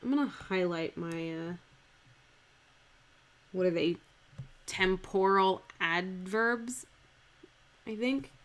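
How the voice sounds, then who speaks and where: A woman's voice: medium pitch, slow pace, pauses often. A woman streaming live, thinking aloud as she scans a Shakespeare speech, chatty and self-correcting, repeating lines to test their stress. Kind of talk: thinking aloud while scanning verse. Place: home streaming setup.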